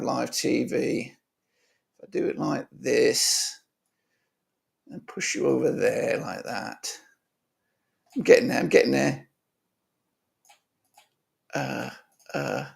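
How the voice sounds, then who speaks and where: Chatty gravelly-voiced man previewing a match. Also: medium pitch, takes it slowly, long pauses. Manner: chatty, exclamatory, talks to viewers as guys. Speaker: football fan channel host.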